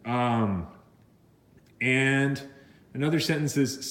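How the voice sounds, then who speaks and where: A man teaching English vocabulary in a recorded lesson, explaining slowly with many fillers and restarts, sometimes slipping into Spanish words. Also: mid-range voice, reverberant.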